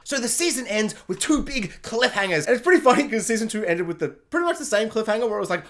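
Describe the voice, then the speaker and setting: A young man casually reviewing a TV show, rambling and excitable with lots of fillers. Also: high-pitched, fast, hardly any pauses.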